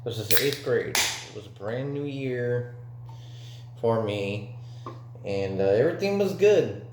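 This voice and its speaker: A man's voice: medium pitch, animated, slow pace, background noise. A young man telling a story from his own life in a casual, rambling way, with lots of fillers and swearing. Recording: echoey room.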